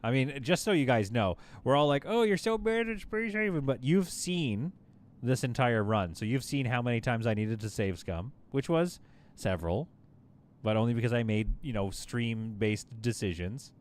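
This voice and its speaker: A man's voice: mid-range voice, normal speed, slight background noise. A man casually chatting on a live game stream, reading out viewer messages and laughing often. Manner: chatty, reads chat aloud, laughs often. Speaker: livestream gamer host.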